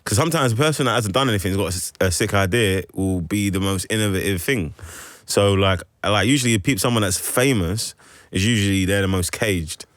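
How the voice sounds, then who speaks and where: A man with a London accent talks quickly in a casual radio interview, piling up slang and filler words as he rambles. His voice sits fairly low and the studio sound is dry and close. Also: no echo. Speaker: guest actor.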